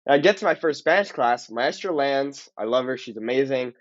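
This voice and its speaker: A man's voice: medium pitch, lively intonation, a little fast, dry recording. A young man, telling stories as a guest and acting out his own quotes. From Southern California. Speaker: guest, language teacher. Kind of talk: casual interview chat. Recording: dull lo-fi audio.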